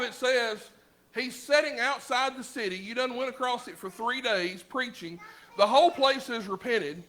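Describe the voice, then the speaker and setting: High, bright-voiced Southern preacher. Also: male voice. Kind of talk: sermon. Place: church sanctuary.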